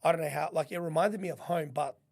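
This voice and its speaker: An Australian man, a podcast guest, telling animated stories in casual chat, swearing freely and acting out what people said. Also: on the high side, fast, vocal fry. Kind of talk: casual storytelling.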